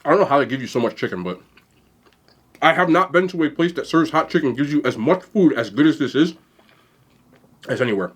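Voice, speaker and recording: Excited young man with a husky voice. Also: a little high. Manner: fast, excited talk to camera while eating. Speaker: food vlogger. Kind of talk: casual mukbang vlog.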